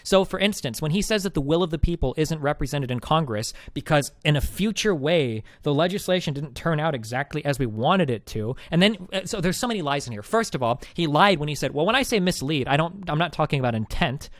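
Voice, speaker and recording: A man's voice: a little high, animated, fairly quick, hardly any pauses, no echo, clean studio sound. A male streamer recapping a debate in casual, rambling talk, sarcastic and full of restarts.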